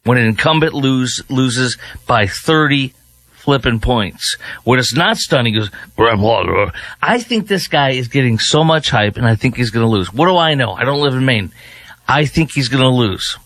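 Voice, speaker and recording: A man's voice: mid-range voice, expressive, normal speed, a bit bright, no echo. A man filling in as a radio talk show host, giving a sarcastic, rambling, opinionated monologue into a studio microphone.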